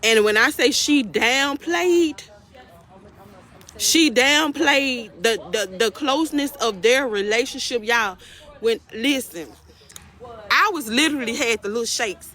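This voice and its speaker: A woman, recapping a court trial in casual chat, emphatic and animated, repeating phrases and calling the viewers y'all. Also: fairly high pitch, unhurried, rough recording.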